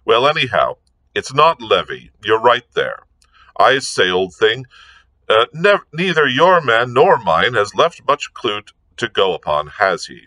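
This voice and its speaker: A man reading as Lord Peter Wimsey, breezy gentleman sleuth. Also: medium pitch, big pitch swings, a little slow, dry recording, rough recording. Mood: musing. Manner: exclamatory, breezy upper-class banter. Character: jaunty aristocratic gentleman detective, excitable. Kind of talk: read-aloud novel dialogue.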